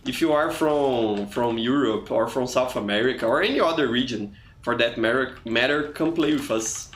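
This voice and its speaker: A man's voice: medium pitch, a little hiss or hum. A man from Brazil, chatting casually while streaming a game, greeting viewers and filling with "you know". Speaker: streamer and teacher. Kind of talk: casual live-stream chat over gameplay. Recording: echoey room with faint music.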